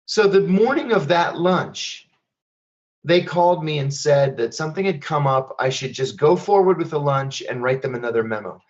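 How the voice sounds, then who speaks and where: A man's voice: on the high side, animated, normal speed, lo-fi sound. Plainspoken man telling a story. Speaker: guest speaker. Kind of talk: first-person storytelling. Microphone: online event stream.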